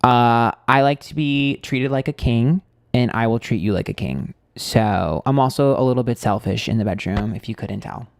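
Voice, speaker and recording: A man's voice: medium pitch, moderate pace, creaky, dry recording, clean studio sound. A man reading tarot on a live stream, chatting casually, blunt and candid, ranting with swearing and lots of fillers.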